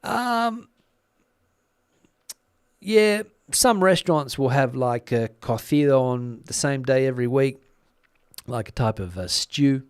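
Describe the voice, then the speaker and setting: A middle-aged Australian man hosts a casual live stream, talking in a loose, meandering way full of ums and restarts. His voice sits at an ordinary pitch and sounds close and dry, with no room around it. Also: takes it slowly, long pauses, clean tone, no room sound. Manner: relaxed, rambling, many fillers and restarts. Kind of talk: casual live-stream chat reading comments.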